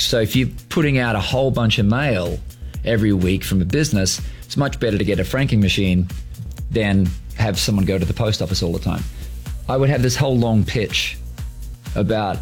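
A man with a fairly low voice spins a casual, self-deprecating anecdote, chuckling as he goes. Soft music hums faintly underneath. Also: fairly quick. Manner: laughing, self-deprecating storyteller. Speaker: interview guest.

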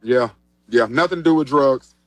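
A man's voice: mid-range voice, normal speed, no room sound, soft background music. A man hosting a quiz segment in casual banter, matter-of-fact as he hands down verdicts. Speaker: host running a quiz segment.

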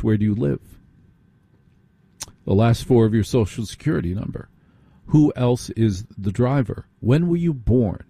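A man's voice: medium pitch, dark tone, husky, no room sound, studio quality. A man hosting a late-night radio talk show, speaking conversationally, repeating phrases for emphasis and asking listeners rhetorical questions. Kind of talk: radio monologue. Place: radio studio.

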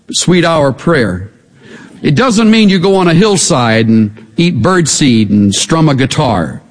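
A man preaching a sermon, animated and emphatic, pressing his listeners with pointed rhetorical questions. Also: on the high side. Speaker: pastor. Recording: echoey hall.

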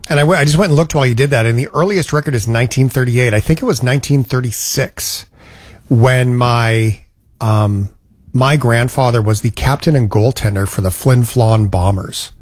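Male podcast co-host, chatty, slightly husky voice. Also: medium pitch, moderate pace, no echo. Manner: enthusiastic, chatty. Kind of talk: casual chat.

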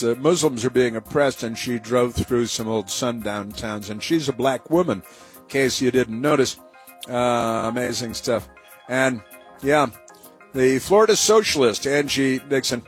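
A male talk radio host speaking in a rambling, sarcastic monologue full of fillers and restarts. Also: mid-range voice.

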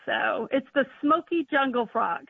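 High-voiced woman caller on a tinny phone line. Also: unhurried, vocal fry, slightly rough, no echo. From North Dakota, USA. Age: adult teacher. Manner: enthusiastic, hesitant with ums and likes. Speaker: radio call-in caller. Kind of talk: casual phone chat.

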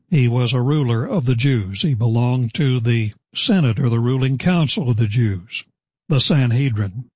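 A man delivers a verse-by-verse sermon in a measured, teacherly way, stressing the quoted words. His voice is slightly husky and sits at an ordinary pitch for a man. The recording is dry, with little room sound. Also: darkish tone, dry recording. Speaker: preacher. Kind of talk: expository sermon.

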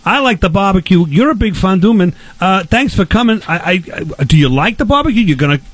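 A man playing a brash barbecue host who mocks his guest and fires off rapid questions. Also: high voice, animated, husky, dry recording. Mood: pushy. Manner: blustery, mocking, rapid-fire questions.

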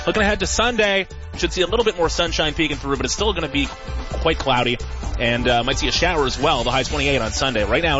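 Male traffic reporter, brisk, music bed under, slightly dull broadcast sound. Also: fairly high pitch. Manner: brisk, informative. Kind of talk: radio traffic and weather report.

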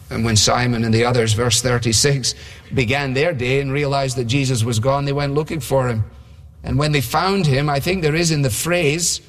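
A man's voice: mid-range voice, normal speed. Conversational male preacher in a reverberant hall. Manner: conversational, asks the congregation rhetorical questions. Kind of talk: sermon.

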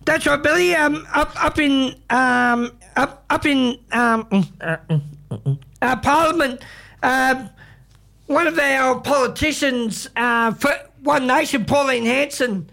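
An Australian man hosting a community radio show, talking in a halting way with lots of fillers and restarts, and full of strong opinions. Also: extremely high pitch, creaky, bright, forceful tone. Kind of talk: casual radio chat.

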